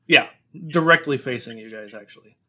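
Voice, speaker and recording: A man running a tabletop game as game master, narrating slowly between giggles. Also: mid-range voice, pushed and bright.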